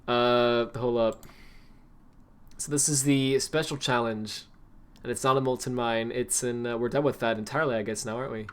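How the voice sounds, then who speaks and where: A man's voice: mid-range voice, steady tone, moderate pace, smooth. Rambling young man streaming a game. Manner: rambling, filler-heavy, self-correcting. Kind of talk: casual gameplay commentary.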